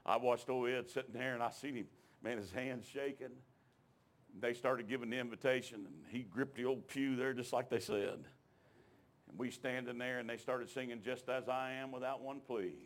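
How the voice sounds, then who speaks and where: A man's voice: medium pitch, normal speed. Folksy preacher man. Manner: folksy storytelling, emphatic, calls out to the congregation. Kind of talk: sermon with personal testimony.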